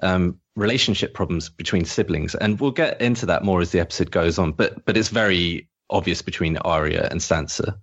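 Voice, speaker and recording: A man's voice: low-pitched, fairly quick, few pauses, a bit bright. A man chatting enthusiastically as a podcast co-host, rambling through his points. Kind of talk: casual chat. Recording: dull lo-fi audio.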